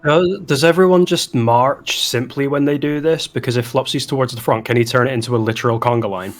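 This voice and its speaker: A man's voice: medium pitch, brisk. A man playing in a tabletop game, chatting casually and playfully about his character. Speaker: player.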